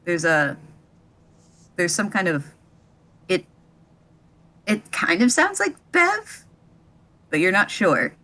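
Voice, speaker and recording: A woman's voice: lowish voice, huge pitch swings, slow, pauses often, sharp tone. A woman narrating a tabletop game as game master, hesitant and breaking into laughter. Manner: hesitant, laughs often between lines.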